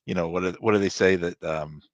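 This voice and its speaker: Deep-voiced male host, dull dry sound. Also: fairly even intonation, fairly quick, dry recording. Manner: brief encouraging responses. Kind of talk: casual interview.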